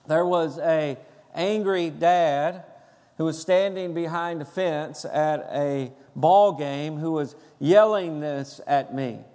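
A man serving as pastor delivers a sermon with an earnest, emphatic cadence. His voice sits high for a man. The sound carries the long reverb of a large sanctuary. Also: slow pace, a little mellow. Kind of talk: sermon with prayer and storytelling. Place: church sanctuary.

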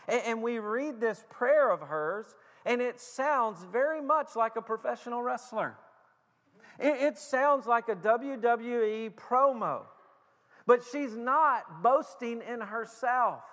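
A man with a high voice delivers a sermon, his speech slow and deliberate, with stammered starts and heavy emphasis on key phrases. The long reverb of a large hall trails behind each line. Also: a bit bright. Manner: emphatic preaching with repeated stutters and slowed, stressed phrases. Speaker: pastor.

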